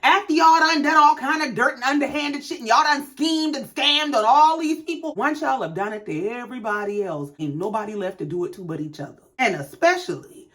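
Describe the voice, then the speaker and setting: A woman's voice: high-pitched, lively intonation, fairly quick, few pauses, fairly bright tone. A woman giving a blunt, sarcastic, profanity-filled casual recap of a reality show episode.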